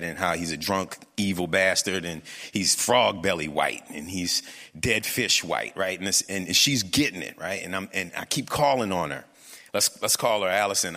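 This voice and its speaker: A man recounts a personal story before an audience, earnest and reflective. His voice sits a little low but rings bright and forceful, and he often pauses and restarts mid-thought. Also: big-room sound.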